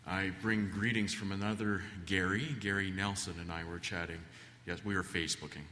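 Low-voiced man preaching in echoing church. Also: steady tone, moderate pace, bright, forceful tone. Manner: folksy, rambling, many fillers. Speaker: guest preacher. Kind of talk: sermon with storytelling. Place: church sanctuary. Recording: long church reverb.

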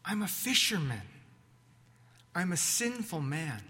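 A man's voice: high-pitched, sing-song, slow pace, bright, forceful tone, full character voice. A man voicing a weary, exasperated fisherman who raises his voice in strained pleas. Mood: anguished. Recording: echoey hall reverb.

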